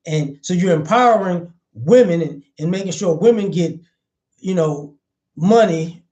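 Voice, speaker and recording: A man with a high-pitched voice delivering a blunt, profane commentary vlog. He drives each point home by repeating short phrases, emphatic and cutting. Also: animated, measured pace, warm tone.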